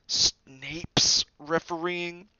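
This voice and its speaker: A man's voice: on the high side, steady tone, drawn-out words, bright, forceful tone, highs cut off, a little hiss or hum, pitched above the performer's own voice, exaggerated voice. A man voicing an indignant, spluttering teenage boy in a storybook reading.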